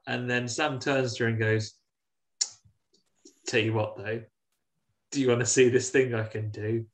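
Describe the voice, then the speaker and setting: A man's voice: medium pitch, fairly even intonation, a little slow, pauses often. A man, co-hosting a casual podcast chat, recapping a film with laughter and acted-out lines. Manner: laughing, swearing, acts out characters' lines. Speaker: podcast co-host.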